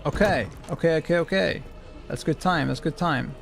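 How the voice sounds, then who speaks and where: Casting: male streamer, gravelly voice, casual speedrun commentary, talks to himself, loops on phrases. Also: on the high side, moderate pace, soft background music. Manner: thinking aloud, repeating phrases, self-correcting.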